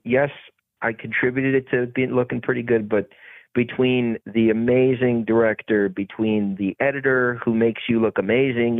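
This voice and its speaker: He's a guest actor with a medium-pitched voice, telling stories during an interview and energetically acting out everyone in them. The recording is dry and tinny, as if over a phone, with no room sound.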